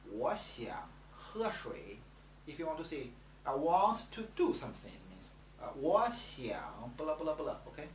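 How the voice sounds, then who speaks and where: A language tutor teaching pronunciation at an unhurried pace, repeating each sound so learners can copy it. The pitch swings lively up and down. The voice sits in an echoey room with a faint hum behind it. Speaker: Chinese tutor. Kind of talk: pronunciation lesson.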